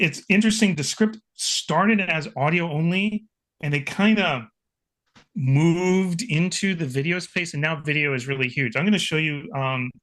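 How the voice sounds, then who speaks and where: A man with a slightly raised voice walks through a live software demo, enthusiastic and chatty. He talks over a video call, filling his thoughts with casual asides. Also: fairly high pitch. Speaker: guest expert.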